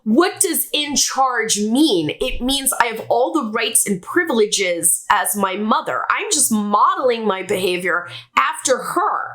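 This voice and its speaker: Female vlogger, candid self-reflective storytelling; slightly high voice, bright tone. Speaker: vlogger telling a personal story.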